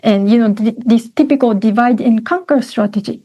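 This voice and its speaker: Japanese-accented woman, soft mellow voice. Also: fairly high pitch, lo-fi sound. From Okinawa, Japan. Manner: earnest, halting English. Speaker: guest.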